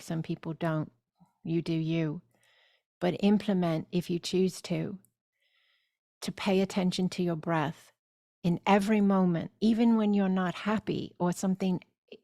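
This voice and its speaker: A woman leading a spiritual course, speaking deliberately and soothingly with loud gasping inhales and repeated phrases. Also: fairly low pitch, vocal fry, no echo, studio quality. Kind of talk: slow guided spiritual teaching.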